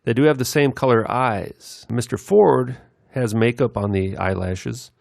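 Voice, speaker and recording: A man giving rambling commentary over video clips, meandering with many filler pauses. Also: medium pitch, creaky, a little mellow, no room sound, studio quality.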